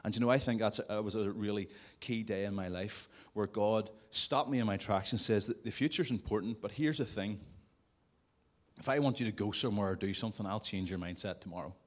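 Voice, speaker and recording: A man's voice: on the low side, fairly quick. A man preaching a sermon to a congregation in a conversational way, with jokey asides. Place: church service before a congregation.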